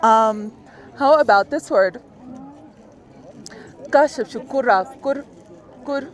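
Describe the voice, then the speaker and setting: A woman's voice: fairly high pitch, slow. A woman teaching a language lesson out of doors, explaining step by step in a friendly way and laughing often. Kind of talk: casual outdoor lesson. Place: outdoors in a busy public place. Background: onlookers in the street.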